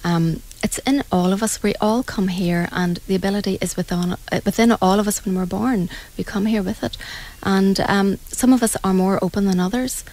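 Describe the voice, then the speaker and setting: A middle-aged woman with a Northern Irish accent, an angel reader telling a story in a radio interview in an animated, dramatic way. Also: mid-range voice, moderate pace, poor audio. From Northern Ireland.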